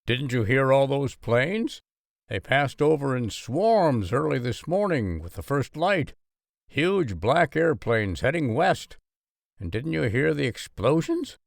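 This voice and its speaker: A man voicing an excitable farmer from the countryside who talks loudly and urgently. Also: medium pitch, slow, creaky, no echo, clean studio sound, pitched above the performer's own voice, exaggerated voice. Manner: loud, startled, urgent.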